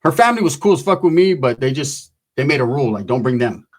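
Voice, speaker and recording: A man's voice: medium pitch, big pitch swings, quick pace. A middle-aged man, telling a loose, profane story with slang and constant asides. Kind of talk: casual storytelling.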